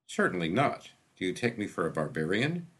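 A man's voice: sits low, very animated, a little fast, fairly bright tone, slightly rough, full character voice. A man voicing a dry, pompous physician who speaks in a precise, wordy, drawling way. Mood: dry, unruffled. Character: dry, pompous middle-aged male physician.

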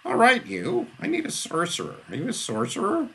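A man's voice: high voice, wildly swooping pitch, normal speed, creaky, pushed and bright, breathy edge, pitched above the performer's own voice, full character voice. A man voicing a fourteen-year-old boy on the run, who talks in a tense, snarling, whiny way. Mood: desperate defiant. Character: jumpy teenage boy on the run, defiant.

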